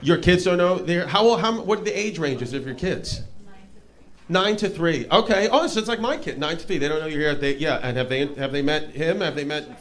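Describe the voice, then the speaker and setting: A man's voice: fairly high pitch, expressive, brisk. A man doing a stand-up set on a club stage, rambling through stories and bantering with the audience in a self-mocking way. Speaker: stand-up comedian. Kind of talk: stand-up set with crowd work. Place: comedy club stage before a laughing crowd. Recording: live club audio with crowd laughter and noise.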